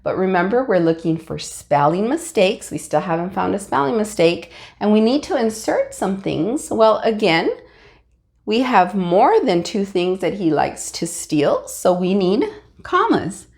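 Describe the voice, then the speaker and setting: Slow, patient woman teaching a class. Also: mid-range voice, sing-song, creaky, darkish tone. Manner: slow, patient, explaining step by step. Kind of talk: classroom lesson.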